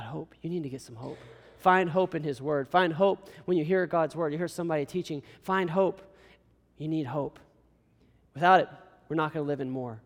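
Young guy preaching, high voice, earnest, folksy, lots of echo in a big church. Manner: earnest, exhorting, folksy asides. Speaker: pastor. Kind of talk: sermon. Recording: long hall reverb.

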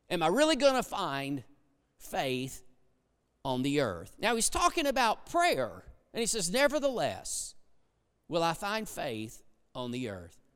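A pastor preaching a sermon, swinging between hushed, low passages and loud, emphatic ones. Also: male voice. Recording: long hall reverb.

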